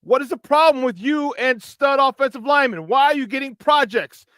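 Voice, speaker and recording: A man's voice: very high-pitched, normal speed, hardly any pauses, a bit bright, dry recording. A man hosting sports talk radio, ranting in frustration, swearing and mocking others in put-on voices. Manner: frustrated, profane, mocking impressions. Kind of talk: heated sports talk rant.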